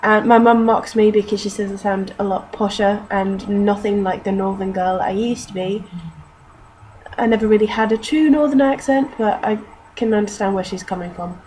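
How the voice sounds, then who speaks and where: A woman's voice: mid-range voice, steady tone, normal speed, darkish tone, slight background noise, rough recording. A young woman from North Yorkshire with a mixed British accent, mostly southern English with traces of northern English and Canadian, chatting in a casual vlog and reading words aloud, self-mocking and fond of mild swearing. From North Yorkshire, England. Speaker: vlogger.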